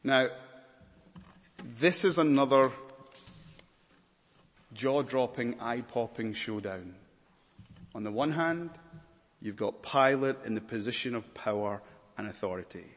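A male preacher delivers a sermon in a mid-pitched voice, dramatic and emphatic, building points with repeated words and lists. A long reverb from a large hall trails each phrase. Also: lively intonation, unhurried, long pauses.

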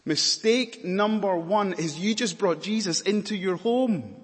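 A man's voice: sits high, measured pace, hardly any pauses, in a large hall. A man preaching a sermon in a dramatic, emphatic manner, stacking up repeated words and lists.

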